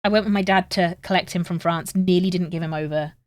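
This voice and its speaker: A woman's voice: on the low side, fairly even intonation, quick pace, a little mellow, dry recording. A young woman from England with a northern English accent, chatting casually with viewers on a sewing livestream. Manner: chatty, reads chat aloud and talks to viewers while sewing. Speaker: streamer.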